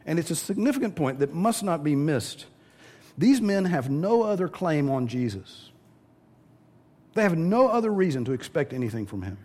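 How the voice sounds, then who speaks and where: A man's voice: a little high, sing-song, moderate pace, a little mellow. A man preaching a sermon, teaching verse by verse and briefly acting out the voices of the people he describes. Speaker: pastor.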